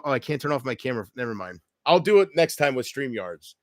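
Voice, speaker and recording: A man's voice: mid-range voice, very animated, quick pace, few pauses, dry recording, clean studio sound. A man chatting casually on his own livestream at home, rambling and self-deprecating as he talks straight to his viewers. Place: home room. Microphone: computer mic with headphones.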